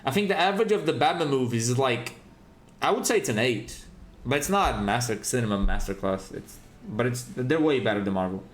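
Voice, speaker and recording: A man's voice: medium pitch, brisk, reverberant. A man streaming a game and chatting casually, ranting with lots of swearing. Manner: profane, animated ranting. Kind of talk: casual chat while gaming.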